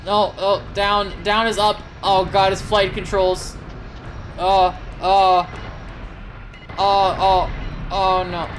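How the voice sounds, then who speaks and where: A woman's voice: mid-range voice, little pitch movement, takes it slowly, long pauses, slight background noise. A young woman streamer commentating live on a game, flustered and joking, with lots of exclamations.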